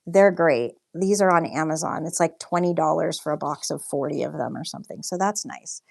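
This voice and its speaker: Low, gravelly-voiced chatty woman. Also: brisk, darkish tone. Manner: chatty storytelling, many fillers, reads out comments. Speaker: livestream host and artist. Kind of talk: casual chat while painting on a livestream.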